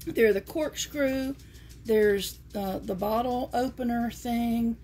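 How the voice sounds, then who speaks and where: A woman's voice: fairly high pitch, takes it slowly, mellow, soft background music. A woman with a Southern American accent, chatting in a homespun way as she shows things to her viewers and reads scripture aloud. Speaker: vlogger. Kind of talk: casual show-and-tell vlog.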